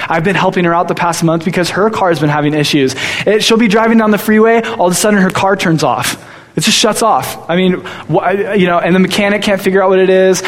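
A young man preaching a sermon, telling stories in an animated way. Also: sits high. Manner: storytelling, animated. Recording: long hall reverb.

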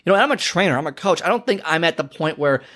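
Earnest man coaching, slightly high voice. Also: lively intonation, quick pace, fairly bright tone. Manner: earnest, repetitive and emphatic. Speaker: fitness trainer and coach. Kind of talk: motivational talk.

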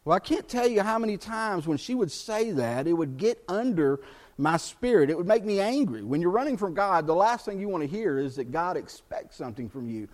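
A middle-aged man preaching a sermon as pastor, telling a personal story earnestly and dropping to a hush when quoting scripture. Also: high voice, sing-song, a little fast.

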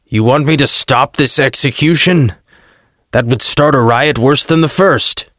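A man's voice: mid-range voice, measured pace, a bit bright, no echo, studio quality, voice pushed up, lightly acted. A man voicing an impatient, sarcastic Roman governor who barks his words. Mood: irritated. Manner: sarcastic, commanding.

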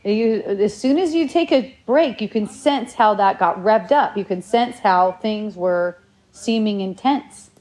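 A woman's voice: mid-range voice, measured pace, darkish tone. A woman in a casual spiritual talk, speaking in a rambling, reflective way with many restarts.

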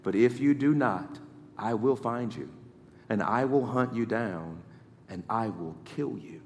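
A man voicing a deadly middle-aged father who makes a quiet, measured threat. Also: medium pitch, expressive, in a large hall, a little hiss or hum. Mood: threatening.

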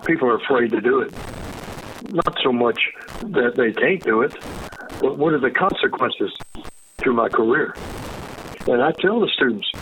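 An older man, a retired undercover agent, talking casually and emphatically, agitated and swearing, with sudden high bursts. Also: lively intonation, normal speed, pauses often, a bit bright, slight background noise, low-quality recording. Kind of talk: casual conversation.

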